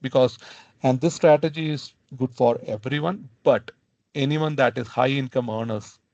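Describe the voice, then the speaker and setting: Guy running a money webinar, slow halting explainer, keeps saying okay?, muffled lo-fi sound. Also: mid-range voice, darkish tone, no echo. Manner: halting, adds "okay?" after points. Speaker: financial planning webinar presenter. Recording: dull lo-fi webinar audio.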